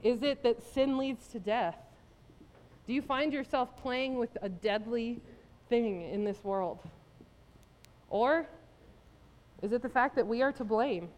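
High-pitched woman pastor, animated storyteller, long church reverb. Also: slow pace, pauses often, slight background noise. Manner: animated storytelling, laughing at herself. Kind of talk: sermon with personal story. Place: church sanctuary.

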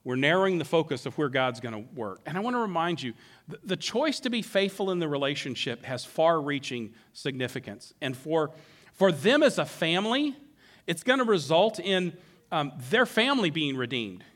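A man preaching a sermon who acts out the characters' words in an animated way. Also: a little high, normal speed. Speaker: pastor.

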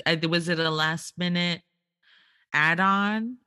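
A woman's voice: lowish voice, animated, bright, forceful tone. A woman in her thirties chatting casually as a podcast co-host, laughing often and drawing out her words. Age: 30s. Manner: giggly, drawn-out, laughs often. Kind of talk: casual chat.

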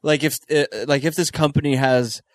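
A man in his thirties co-hosting a podcast, laid-back and halting, with many restarts as he feels his way through a thought. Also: on the high side, little pitch movement, no echo, studio quality. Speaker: podcast co-host. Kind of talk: casual podcast banter.

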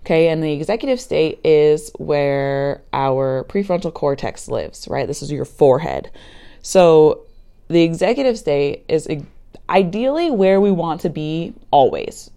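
Chatty woman with a low, mellow voice. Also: animated, a little slow, smooth. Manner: chatty and searching for words, with frequent ums and likes; acts out parent voices in quoted lines. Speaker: podcast guest explaining a mental health approach. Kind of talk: casual explanatory talk.

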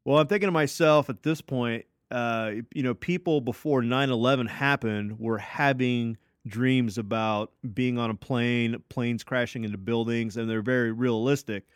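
Smooth-voiced man telling a story. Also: medium pitch, fairly even intonation, normal speed, few pauses, dry recording, studio quality. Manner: loose and profane, full of fillers and restarts. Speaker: podcast co-host. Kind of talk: casual storytelling.

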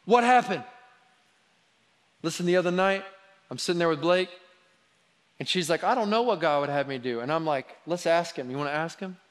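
A man preaching a sermon, telling stories about his children in a lively, animated way. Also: a little high, brisk. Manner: animated storytelling, quoting his kids. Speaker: pastor. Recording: long hall reverb.

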